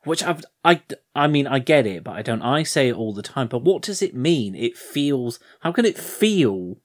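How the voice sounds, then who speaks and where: A man's voice: medium pitch, very animated, normal speed. A man with a British accent co-hosting a podcast, chatting sarcastically and swearing about a film. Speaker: podcast co-host. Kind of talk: casual film review chat.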